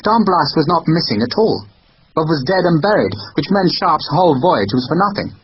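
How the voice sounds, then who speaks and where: A man narrating an audiobook in an expressive storytelling manner. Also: fairly high pitch, normal speed, slightly rough. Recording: dull lo-fi recording.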